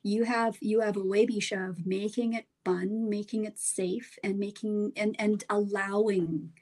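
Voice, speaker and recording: Slow, thoughtful woman speaking softly. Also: mid-range voice, level tone. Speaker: workshop participant, guest. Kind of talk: conversational interview.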